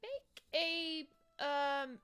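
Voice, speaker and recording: A woman's voice: high-pitched, lively intonation, extremely slow, pushed and bright. A woman running a tabletop game as game master, describing scenes in a chatty, descriptive way with many fillers.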